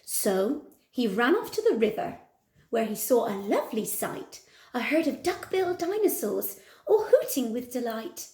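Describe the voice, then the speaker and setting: Teacher reads a picture book to her class, animated and unhurried, echoey room. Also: on the high side. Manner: animated and expressive storytelling. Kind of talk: reading a picture book aloud to pupils.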